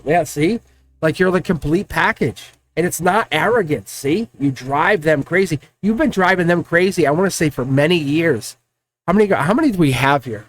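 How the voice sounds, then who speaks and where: A man giving a casual, rambling tarot reading, talking excitedly and directly to the viewer. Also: on the high side, moderate pace. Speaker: tarot card reader.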